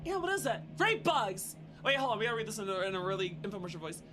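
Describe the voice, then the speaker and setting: A young woman streaming a game live, chatting with viewers and exclaiming and shouting as she plays. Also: medium pitch, very animated, fast, faint music behind. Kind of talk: live gameplay commentary.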